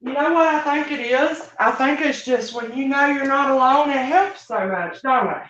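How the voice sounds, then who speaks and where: This woman has a high-pitched, slightly bright voice and speaks at normal speed, a little out of breath from cleaning. She's a vlogger chatting in a folksy, casual way on a live stream from inside her home. Her phone is set down while she moves about, so the recording sounds roomy and dull.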